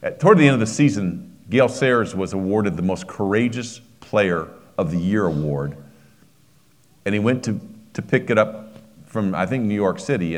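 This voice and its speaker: A middle-aged man preaching a sermon, telling a personal story with emotion and frequent restarts. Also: deep voice.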